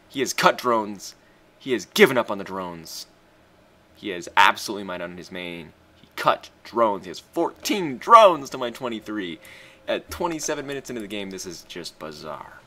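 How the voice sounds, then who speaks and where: A man talks through his own strategy game match in a casual, excitable way. His voice is lowish but bright and forceful, and he swears freely and breaks into sudden loud shouts. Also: normal speed.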